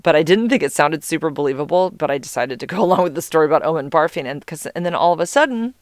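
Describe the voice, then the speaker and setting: Middle-aged woman, casual storyteller, distracted and profane, smooth tone, dry recording. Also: sits low, lively intonation, fast, no echo. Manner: rambling, easily distracted, swears freely. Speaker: mother telling a personal story.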